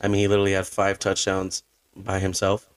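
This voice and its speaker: A man's voice: low voice, completely flat delivery, brisk, no room sound. A man hosting a podcast, giving a blunt and opinionated fantasy football recap. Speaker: podcast host.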